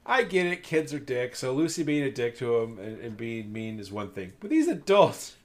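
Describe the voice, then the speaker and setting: A man running a relaxed podcast conversation with friends. He talks in a loose, easygoing way and laughs often as he moves the talk along. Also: medium pitch, normal speed. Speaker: podcast host. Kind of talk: casual chat.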